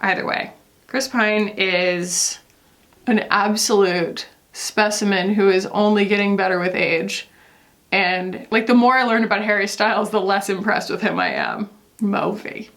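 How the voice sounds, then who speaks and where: A woman's voice: mid-range voice, steady tone, measured pace, fairly bright tone. A woman beauty vlogger chatting casually while doing her makeup, gossipy, with lots of fillers.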